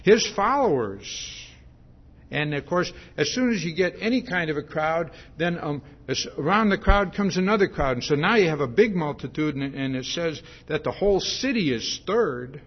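A man preaching with a husky, slightly raised voice and a pitch that swings up and down as he talks. He explains scripture in a chatty way, breaking off with little "see?" asides. The recording sounds dull and lo-fi. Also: animated, normal speed. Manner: conversational, with frequent "see?" asides and restarts. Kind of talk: expository sermon.

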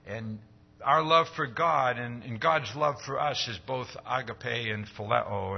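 A man's voice: measured pace, gravelly, dull audio. Man preaching a conversational sermon. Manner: conversational, keeps asking "See?"; acts out quoted dialogue with rising pitch.

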